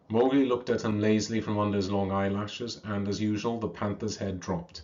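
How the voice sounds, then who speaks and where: Man reading a story, slow and measured. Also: on the low side, fairly even intonation, a little mellow. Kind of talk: reading a classic story aloud. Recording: dull lo-fi recording.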